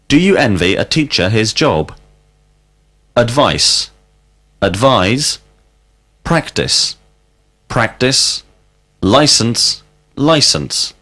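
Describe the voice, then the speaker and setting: Man drilling with lively, low questions. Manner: slow, deliberate questioning with clear word prompts. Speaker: teacher. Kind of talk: scripted language drill.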